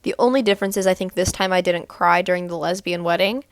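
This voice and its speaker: A woman's voice: fairly low pitch, quick pace, no room sound, clean studio sound. A woman from Texas talking casually to camera in a rambling vlog recap, full of "like" and "um". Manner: rambling, lots of "like" and "um". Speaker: vlogger.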